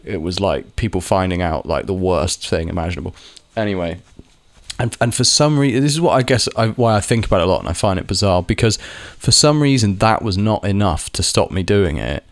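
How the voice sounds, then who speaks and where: A young vlogger talks casually to the camera in a fairly low voice with no echo. His monologue rambles, with lots of restarts and the occasional swear word.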